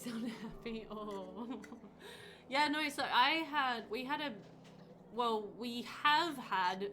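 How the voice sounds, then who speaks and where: A woman streaming a game live, chatting with her viewers, reading their comments aloud and reacting with bright exclamations. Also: medium pitch. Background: game music.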